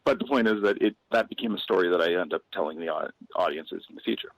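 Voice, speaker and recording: Here a man appearing as a comedy guest tells a relaxed story in a low register, looping back and starting lines over with plenty of fillers. There's no room echo; the sound is dry.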